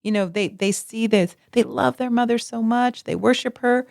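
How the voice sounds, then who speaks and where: A woman co-hosting a podcast, chatting casually and telling stories with expressive acted quotes. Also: a little high, normal speed, vocal fry, no room sound, clean studio sound. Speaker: podcast co-host. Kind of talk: casual conversational podcast chat.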